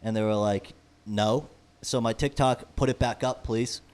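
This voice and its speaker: A man's voice: mid-range voice, steady tone, measured pace, a little mellow, clean tone. A man telling mocking stories in casual chat at a bar venue, peppering his talk with "dude".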